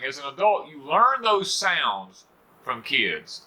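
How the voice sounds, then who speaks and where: Forceful folksy Southern man on a porch. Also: on the high side, very animated, slow. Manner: folksy, rambling, with many "you know" fillers. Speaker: homestead channel host. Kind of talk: casual porch talk to viewers. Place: on a porch at home.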